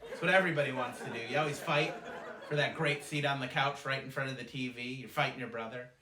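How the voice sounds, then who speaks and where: A man performing a stand-up routine, telling family stories in a quick, animated way. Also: medium pitch. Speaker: comedian. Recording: echoey room, distant mic, noisy.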